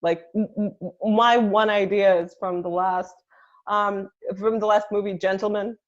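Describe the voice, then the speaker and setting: Russian woman comic, guest in a casual interview, blunt and profane, mid-pitched voice, dull lo-fi audio. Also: fairly even intonation, a little slow. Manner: blunt, swears freely, laughs between points. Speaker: comedian guest.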